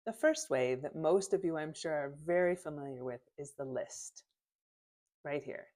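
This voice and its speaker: Woman, teacher, low voice, clear explanatory lesson, reads examples mark by mark. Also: moderate pace, dark tone. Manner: clear, explanatory, spells out punctuation marks aloud. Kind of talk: lesson on punctuation.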